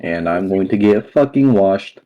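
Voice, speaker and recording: A man's voice: low voice, expressive, measured pace, lo-fi sound. A young man playing in a tabletop game, chatting in a joking, slangy way and swearing freely. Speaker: player. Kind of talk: casual chat during a tabletop game.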